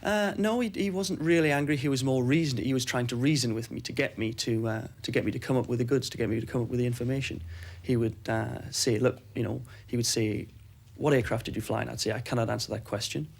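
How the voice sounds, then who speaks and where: A man's voice: medium pitch, fairly even intonation, quick pace, creaky, few pauses. A man, a former military airman, recounting events in a documentary interview in a matter-of-fact way.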